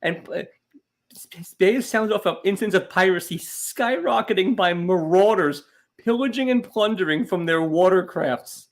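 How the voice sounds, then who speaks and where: A man co-hosting a casual comedy podcast, telling stories with loud, exasperated bursts. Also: sits high, normal speed. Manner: animated storytelling, swings into loud exasperated bursts. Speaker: podcast co-host.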